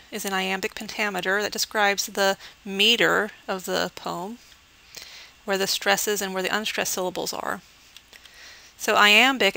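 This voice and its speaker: A woman's voice: medium pitch, vocal fry, bright, forceful tone, poor audio. A woman English professor giving a recorded poetry lesson, explaining terms step by step and checking in with "okay". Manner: reads the poem slowly and measured.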